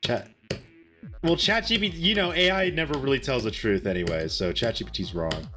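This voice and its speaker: A man's voice: medium pitch, animated, a little fast, music in the background. A young man streaming a game and defensively joking back at his chat. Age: young adult. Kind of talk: casual live-stream chat.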